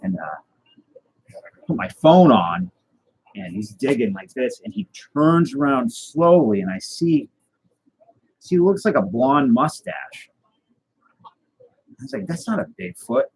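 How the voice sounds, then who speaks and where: A man telling a tall tale in a rambling, deadpan way, with many fillers and restarts. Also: medium pitch, slow pace, long pauses, husky, poor audio. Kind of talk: casual tall-tale storytelling.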